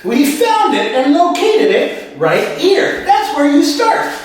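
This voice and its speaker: Man doing a squeaky clumsy sewing host. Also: big pitch swings, slow, heavily acted. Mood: chipper. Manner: squealing with laughter, yelping. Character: goofy male sewing-machine video host, clumsy and cheery. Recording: echoey room from far off.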